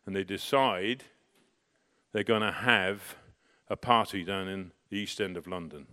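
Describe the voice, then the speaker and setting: Animated man telling a personal story. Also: low voice, unhurried. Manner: animated, with restarts and bursts of excitement. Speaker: storyteller recounting personal experience. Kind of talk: casual anecdotal storytelling.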